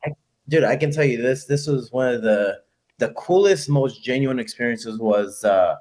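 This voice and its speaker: A young man from Chicago talks casually as an interview guest. His voice sits at a middle pitch, and he tells stories quickly and with animation, slipping into the voices of the people he quotes. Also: lively intonation, darkish tone. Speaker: guest fighter.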